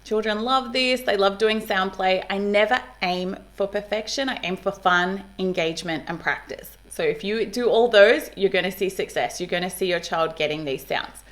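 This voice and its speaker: A woman, a speech pathologist explaining to parents on camera, upbeat and animated, modelling speech sounds as she goes. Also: mid-range voice, normal speed, hardly any pauses.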